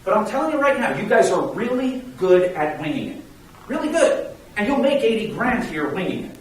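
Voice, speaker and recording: A man coaching a sales team in an emphatic, energetic, pleading way. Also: high voice, normal speed. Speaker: sales trainer. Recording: echoey room, mic far off, faint hiss.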